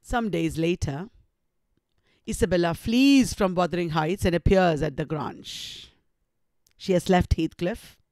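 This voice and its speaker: A woman with an Indian English accent giving a recorded literature lecture, retelling the story slowly and deliberately. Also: lowish voice, darkish tone, dry recording.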